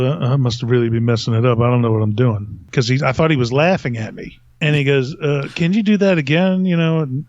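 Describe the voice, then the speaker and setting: A man's voice: a little high, no echo, highs cut off. A man telling a long story in casual podcast chat, rambling and self-mocking, laughing often.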